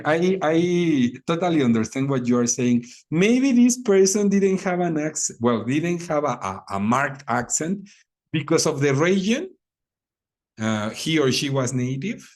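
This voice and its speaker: Hesitant man teaching an English class. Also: a little high. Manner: hesitant, many fillers. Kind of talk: online class discussion.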